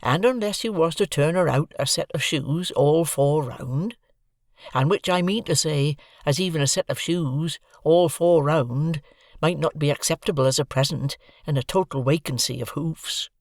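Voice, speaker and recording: A man voicing a slow, kindly village blacksmith who talks in plain rustic dialect, weighing every word. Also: on the high side, dry recording, studio quality, natural voice. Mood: ponderous.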